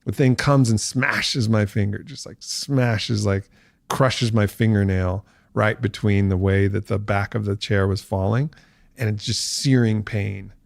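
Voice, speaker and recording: A man being interviewed as a podcast guest, talking reflectively and growing animated and laughing as he tells a personal story. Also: on the low side, a little slow, creaky, dry recording, clean studio sound. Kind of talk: candid conversational storytelling.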